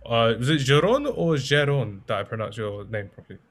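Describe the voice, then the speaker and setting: A man's voice: mid-range voice, a little fast. A man hosting a casual football podcast, chatty and self-deprecating, with many fillers. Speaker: podcast host.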